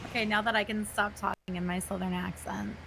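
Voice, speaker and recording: A woman's voice: medium pitch, flat delivery, fairly quick, gravelly, noisy background. A woman playing a doctor in a roleplay game, bantering playfully and teasing in a flirty way.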